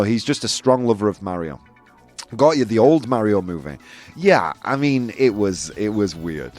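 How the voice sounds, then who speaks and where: A man hosts a live-stream chat show, and his voice swings widely in pitch as he gets worked up. He keeps things provocative with teasing asides and frequent laughter. Faint music sits quietly behind him. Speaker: host.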